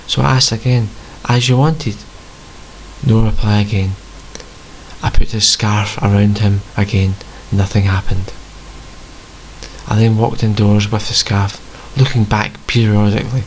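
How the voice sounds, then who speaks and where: A man reading his own first-person story aloud in a plain, measured way. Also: on the low side, fairly even intonation, a little hiss or hum, rough recording.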